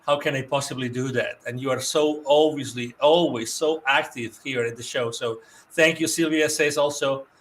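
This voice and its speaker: Effusive male show host, higher voice. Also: fairly bright tone. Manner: effusive, repeats himself, restarts often. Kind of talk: live show sign-off, reading viewer messages.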